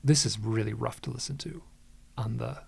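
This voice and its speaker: A man's voice: medium pitch, moderate pace, creaky, slightly rough. A man who is a podcast guest and author, retelling an experience with dramatic quoted dialogue and frequent restarts. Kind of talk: animated storytelling in conversation.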